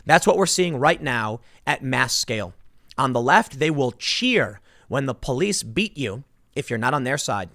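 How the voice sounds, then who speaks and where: Emphatic man with a lively voice. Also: medium pitch, a little slow, no room sound. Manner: emphatic, sarcastic, animated storytelling. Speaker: political commentator. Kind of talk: opinionated commentary vlog. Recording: dry close-mic sound.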